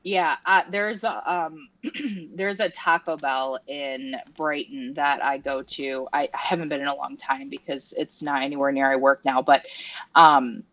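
A woman co-hosts a podcast and talks loosely in a chatty way, with lots of fillers. Her voice sits low for a woman. The recording sounds dull and muffled, dry and close. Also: fairly even intonation, unhurried, a bit bright, dry recording. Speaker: podcast co-host. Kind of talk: casual chat.

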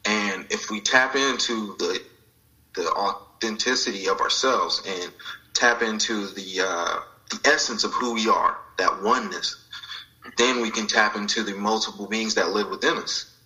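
A man's voice: lowish voice, unhurried, pushed and bright, poor audio. A man sharing a personal spiritual story in an interview, reflective and acting out the voices of people he quotes. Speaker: guest.

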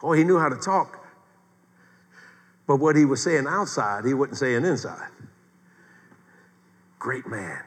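A man's voice: mid-range voice, takes it slowly, pauses often. Older man preaching in a reverberant hall. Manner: folksy, animated preaching with humor and acted quotes. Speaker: pastor. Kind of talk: sermon.

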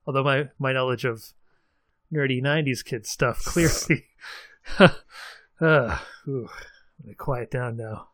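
A man's voice: mid-range voice, a little slow, long pauses, fairly bright tone, no echo. Rambling self-mocking man, dry sound. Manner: rambling, self-deprecating, chuckles often. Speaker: podcast co-host. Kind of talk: casual podcast chat.

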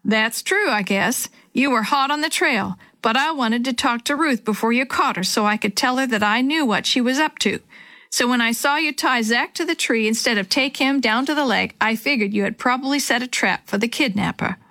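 A woman voicing a kindly, injured old male wrangler in a children's story, calm and reassuring. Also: fairly high pitch, normal speed, no room sound.

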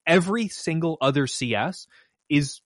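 A man's voice: fairly high pitch, animated, normal speed, no echo. A man co-hosting a podcast, talking through results in an analytical, emphatic and slightly wry way. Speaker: podcast co-host and mock trial coach. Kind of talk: casual podcast chat.

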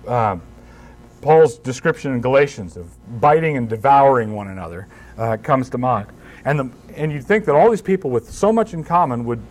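A man's voice: mid-range voice, darkish tone. A man speaking as a pastor at a conference, conversational and emphatic, with wry humor and frequent restarts. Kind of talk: conference talk.

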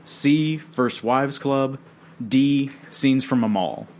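A man's voice: medium pitch, animated, takes it slowly, a little mellow. A man in casual chat, easygoing and laughing, posing movie trivia questions.

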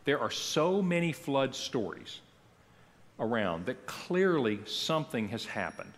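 Middle-aged pastor guy teaching a church class, lively up and down voice, chatty, asks the room questions, echoey hall. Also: mid-range voice. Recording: long reverb of a church hall.

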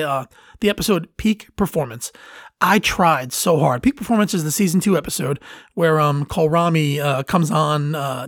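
A man's voice: fairly high pitch, no room sound, clean studio sound. A man hosting a podcast on his own, talking casually and rambling with fillers and restarts. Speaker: podcast host. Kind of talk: casual solo podcast talk.

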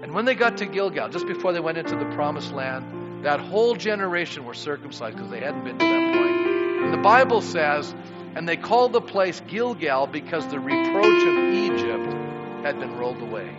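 A male pastor delivering a sermon with impassioned preaching, swinging from soft, quiet passages to loud, rising ones. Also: on the high side, big pitch swings, normal speed, dull audio, loud music behind the voice.

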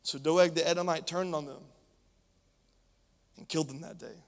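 A man's voice: on the high side, fairly even intonation, normal speed, vocal fry. A male preacher reading scripture and preaching emphatically, speaking straight to his congregation. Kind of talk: sermon. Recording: long hall reverb.

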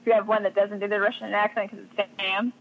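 A woman's voice: medium pitch, level tone, fast talker, muffled recording. A woman guest on a podcast, chatting casually with lots of fillers. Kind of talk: casual chat.

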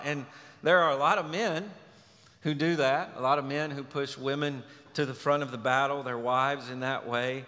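Bright-voiced man preaching in a hall. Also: a little high, fairly even intonation, moderate pace. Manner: conversational storytelling preacher. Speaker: pastor. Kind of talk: sermon. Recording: long reverb of a large hall.

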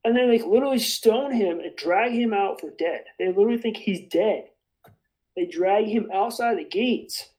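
A man's voice: high-pitched, moderate pace, a little mellow, low-quality recording. A man rambling passionately in a casual religious discussion. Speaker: bible study participant.

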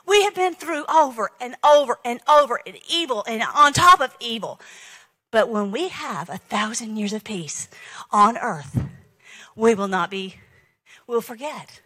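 A middle-aged woman, preaching an end-times sermon fast and emphatically and reading scripture aloud between her remarks. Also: a little high, lively intonation, sharp tone, poor audio.

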